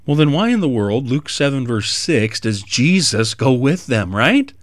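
A man preaches through a passage, animated and rising to sudden emphatic bursts. His voice sits at an ordinary middle pitch. The sound is dry and close, with no room around it. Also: measured pace, dry recording. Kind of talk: expository sermon.

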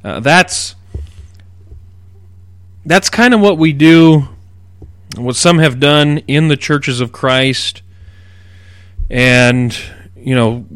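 A middle-aged man hosting a radio Bible teaching program, explaining at a measured pace and leaning hard on key words. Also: a little high, fairly bright tone, no echo. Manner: measured, explanatory delivery with emphatic stresses.

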